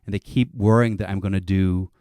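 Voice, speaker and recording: A man telling a long comic story on a panel show, animated and swearing, acting out other people's lines. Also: deep voice, fairly quick, smooth, no room sound, clean studio sound.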